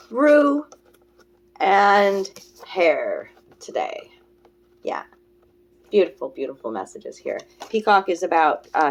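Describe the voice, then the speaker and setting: A woman giving a spiritual oracle card reading. She talks in an earnest, rambling way, often checking in with "you know" and "okay?", and slows down on her affirmations. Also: low voice.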